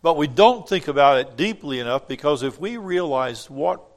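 Preacher guy giving a sermon, goes loud then quiet, repeats stuff for effect. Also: fairly high pitch, lively intonation, normal speed. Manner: dramatic, swinging from loud to hushed, emphatic repetition.

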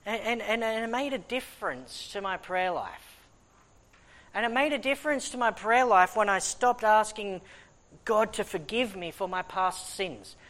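A man preaching a sermon and reading scripture, telling personal stories with lots of restarts. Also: sits high. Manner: animated storytelling with many restarts; reads scripture in a raised, deliberate voice. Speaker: preacher and schoolteacher.

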